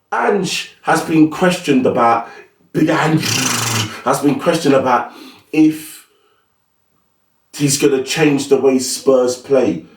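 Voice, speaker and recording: A man hosting a football talk channel, blunt and opinionated, with plenty of slang. His voice sits mid-pitch and sounds roomy, picked up from a little way off the mic. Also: darkish tone, far from the mic. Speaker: football pundit, channel host. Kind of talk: casual solo commentary.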